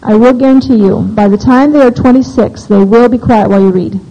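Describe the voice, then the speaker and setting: A woman's voice: a little high, a little fast, warm tone. Opinionated woman giving a seminar talk. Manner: asks the audience questions, practical and opinionated. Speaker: homeschooling seminar speaker. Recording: dull lo-fi recording.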